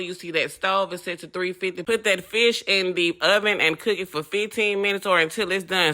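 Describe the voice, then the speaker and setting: A woman with a Southern accent hosts a casual home cooking tutorial. Her voice is bright and forceful, and her talk is folksy and chatty as she keeps calling viewers honey. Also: lowish voice. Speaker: cooking show host.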